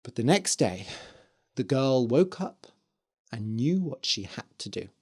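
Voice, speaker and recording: A storyteller reading a fairy tale aloud slowly for English learners. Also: mid-range voice. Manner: slow, clear, expressive. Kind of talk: scripted narration for English learners.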